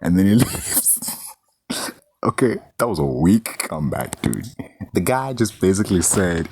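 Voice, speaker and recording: A man's voice: lowish voice, big pitch swings, unhurried, gravelly, a little hiss or hum. A man giving a casual, rambling movie review, swearing freely and saying "like" a lot. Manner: rambling, profane, heavy use of "like".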